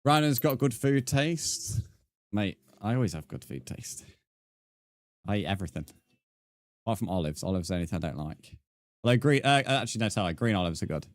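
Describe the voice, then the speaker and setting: A young man talks to his live chat in a lowish voice, chatty and easily amused. The sound is close and dry, with no room echo. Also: expressive, fast talker, pauses often. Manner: chatty, reads and answers chat messages, laughs often. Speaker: streamer. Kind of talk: casual live-stream chat.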